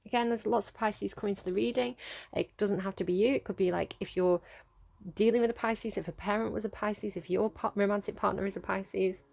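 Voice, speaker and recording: A woman's voice: mid-range voice, fairly even intonation, brisk, creaky, darkish tone, no echo. A woman giving a casual tarot reading straight to her viewers, earnest and coaxing, laughing often between points. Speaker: tarot reader.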